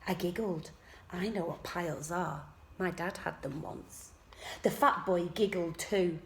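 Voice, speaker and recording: Teacher reading a story softly. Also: female voice, on the low side, a little slow, vocal fry. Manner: soft, quiet first-person narration. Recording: echoey room.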